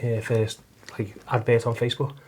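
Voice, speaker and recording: A man's voice: mid-range voice, level tone, normal speed, darkish tone, slight background noise. A middle-aged man with a Liverpool accent, telling his faith story earnestly as an interview guest, often stumbling and repeating words. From Liverpool, England. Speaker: guest, taxi driver and volunteer listener. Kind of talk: casual testimony interview.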